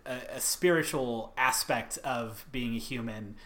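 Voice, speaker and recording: Slow, thoughtful bright-voiced man. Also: medium pitch. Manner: slow, searching for words, thoughtful. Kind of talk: casual conversation.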